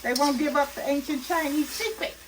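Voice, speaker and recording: A woman's voice: high voice, brisk, noisy background. A woman hosting a cooking channel, chatting folksily and laughing as she cooks in her home kitchen. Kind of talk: casual cooking demonstration. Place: home kitchen at a hot stove. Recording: distant mic with loud frying sizzle.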